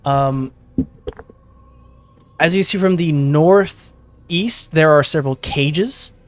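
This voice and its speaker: A man's voice: on the high side, slow, faint music behind. A man as game master, describing a tabletop game scene with many fillers and self-corrections.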